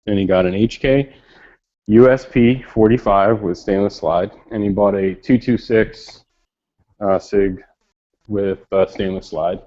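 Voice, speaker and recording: Low mellow dude from new york rambling on a muffled voice chat, swears a lot. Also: male voice, fairly even intonation, a little slow. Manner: rambling, profane, lots of "like". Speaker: chat participant. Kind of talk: casual voice chat. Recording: lo-fi voice chat audio.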